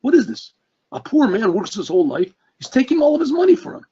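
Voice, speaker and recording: Brief: indignant man in disbelief, done by a male storyteller; husky voice, dull recording. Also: very high-pitched, sing-song, quick pace, warm tone, pitched above the performer's own voice, heavily acted. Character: shocked, indignant male traveler.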